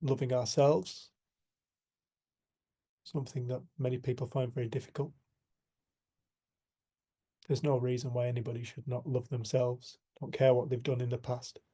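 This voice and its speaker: A man's voice: mid-range voice, little pitch movement, husky. A man giving an earnest, reflective spiritual talk to a community group, telling a personal story. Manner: earnest, storytelling, soft and slow at times.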